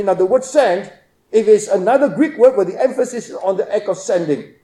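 Speaking a little fast, a male preacher delivers an expository sermon in a high, mellow voice, shifting from forceful emphasis to quiet asides. Noticeable echo comes from the room.

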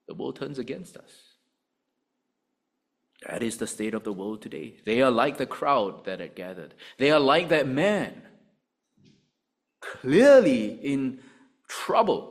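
A man preaching a sermon, addressing his listeners directly with an animated delivery. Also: slightly rough. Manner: animated preaching, rising and dropping in pitch and volume.

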